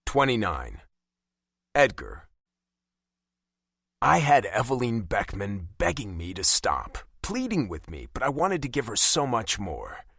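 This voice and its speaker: Lively male romance narrator. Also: fairly low pitch, measured pace, gravelly, pauses often, husky, no echo, clean studio sound. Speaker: audiobook narrator. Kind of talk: first-person romance narration.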